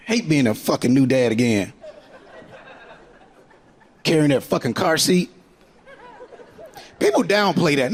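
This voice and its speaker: A man in his forties doing stand-up in a loud, rowdy, freely swearing manner. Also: on the high side, creaky. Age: 40s. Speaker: stand-up comedian. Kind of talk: stand-up routine.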